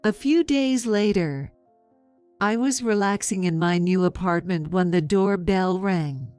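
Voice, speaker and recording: A woman in her fifties narrating a story in a calm, measured, sarcastic way. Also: lowish voice, smooth, dry recording, soft background music.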